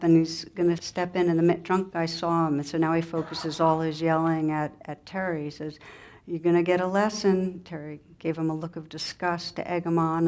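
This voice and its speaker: A woman meditation teacher giving a spiritual talk and telling a story, gentle and unhurried in short pausing phrases. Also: fairly low pitch.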